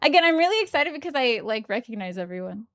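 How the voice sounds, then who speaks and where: A young woman streaming from home, chatting casually and giggling excitedly as she opens trading cards. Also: a little high, fast talker, dry recording, clean studio sound. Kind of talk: casual live-stream chat while opening trading cards.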